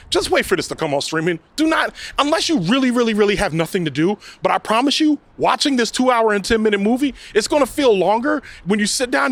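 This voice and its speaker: A man hosting his own podcast, giving a casual, chatty movie review with loud bursts and exasperated asides. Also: high-pitched, sing-song, a little fast, no room sound. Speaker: podcast host, film reviewer.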